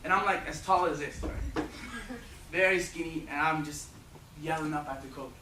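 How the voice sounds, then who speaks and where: A man with an Irish accent, giving an energetic, joking story talk in a university lecture hall. He is recorded from a distance in an echoey, noisy hall. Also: on the high side, moderate pace. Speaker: guest speaker.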